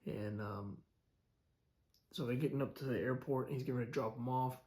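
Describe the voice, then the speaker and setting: A man's voice: mid-range voice, fairly even intonation, a little fast, darkish tone. A young adult man telling a story in a loose, rambling way, with many fillers and restarts, for a casual daily vlog. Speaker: vlogger.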